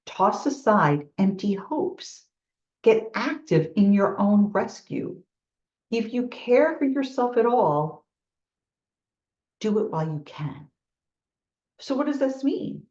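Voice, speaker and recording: A woman's voice: medium pitch, a little mellow. A middle-aged woman from New York with a New York accent, giving a motivational talk and acting out quoted thoughts as she tells stories. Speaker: motivational speaker. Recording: echoey room, dull lo-fi sound.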